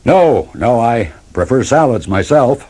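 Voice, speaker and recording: A man reading aloud and voicing a menacing, sly giant male squirrel with a deep voice. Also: sing-song, unhurried, dark tone.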